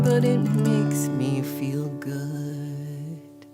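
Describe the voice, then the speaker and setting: A woman's voice: deep voice, steady tone. A woman hosting a livestream, chatting casually and teasingly with her viewers. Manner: playful, teasing, drawn-out delivery. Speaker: livestream host. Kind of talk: casual chat with live viewers. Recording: music playing behind.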